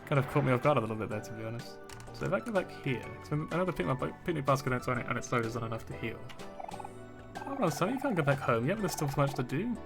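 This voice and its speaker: A man's voice: medium pitch, very animated, fast talker, creaky. A man streaming a game, thinking aloud with wry, easygoing commentary over game music. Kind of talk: casual gameplay commentary.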